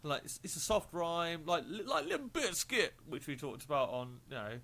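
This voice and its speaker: A man's voice: fairly high pitch, sing-song, moderate pace, bright, forceful tone. A man co-hosting a music podcast in casual chat, rambling and joking with lots of fillers and restarts. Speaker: podcast co-host.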